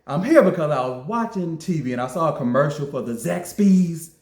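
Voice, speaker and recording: A man reviewing fast food in a casual vlog, joking, laughing often and acting out his own lines. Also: fairly high pitch. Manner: animated, joking, quick to laugh. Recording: roomy echo.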